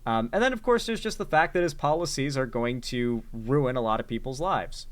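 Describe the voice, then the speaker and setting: This commentary host's expressive mid-range voice moves at a moderate pace. Casual and sarcastic, he rambles through his reaction show, frequently restarting sentences and leaning on fillers.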